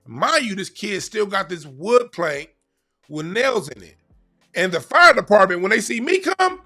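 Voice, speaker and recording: A man telling a story in a casual, profane, animated way about crisis work. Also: high-pitched, unhurried, faint music behind.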